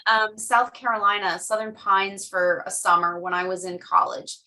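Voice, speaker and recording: Chatty woman host, bright and off-mic. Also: medium pitch, steady tone, normal speed, far from the mic, rough recording. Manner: chatty storyteller, laughs often. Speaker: podcast host. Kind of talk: casual chat.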